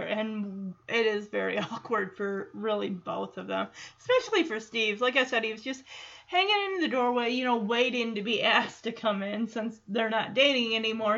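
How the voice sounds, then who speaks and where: Chatty, bright-voiced woman podcast host. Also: a little high, vocal fry, dull audio. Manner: chatty, laughs often, acts out characters' lines. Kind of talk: casual episode recap.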